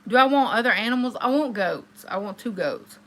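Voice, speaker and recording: Bright, chatty woman on a livestream. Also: expressive, a little fast. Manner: chatty, storytelling, swings into high exclamations. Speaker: livestream host. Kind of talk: casual livestream chat with viewers.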